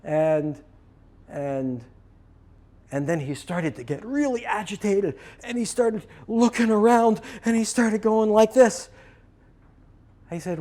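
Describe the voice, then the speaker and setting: A man telling a personal story to trainees, lively and acting out both sides of the conversations he recounts. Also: high voice, takes it slowly, pauses often. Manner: animated, acts out both sides of a dialogue. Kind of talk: storytelling talk.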